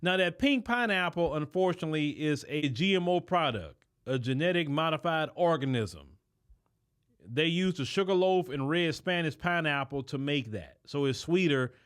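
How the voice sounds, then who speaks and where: A man's voice: fairly high pitch, clean tone. A man hosting a show and reacting to a story with blunt, opinionated commentary full of rhetorical questions. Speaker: show host giving commentary.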